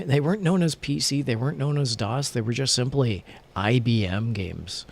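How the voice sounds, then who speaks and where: A man's voice: mid-range voice, gravelly, breathy edge. A tired man streaming a game, rambling chattily about old computer games while he plays. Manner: rambling, chatty, thinking aloud while playing. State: tired, yawning. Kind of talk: casual gameplay commentary.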